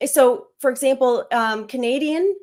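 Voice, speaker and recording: A woman's voice: sits high, unhurried, darkish tone. A middle-aged woman chatting as a guest on a livestream, rambling casually with laughs and fillers.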